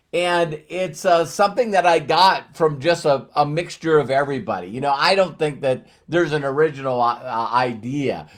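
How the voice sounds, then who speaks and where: Sixty-year-old man giving motivational talk. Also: a little high. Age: 60s. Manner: conversational, fillers and slowed emphasis. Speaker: motivational speaker.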